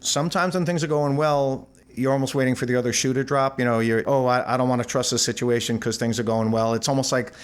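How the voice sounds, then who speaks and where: A man in his sixties, a musician guest in an interview, telling stories with animated energy and acting out the voices in his anecdotes. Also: medium pitch, fast talker, hardly any pauses, clear, resonant tone. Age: 60s. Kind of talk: storytelling interview.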